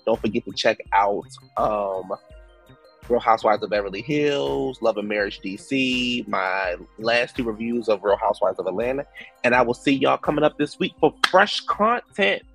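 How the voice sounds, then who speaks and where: Male recap host, mid-pitched, husky, profane and blunt, leans on drawn-out words. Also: expressive, a bit bright, faint music behind. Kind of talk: casual reality TV recap commentary.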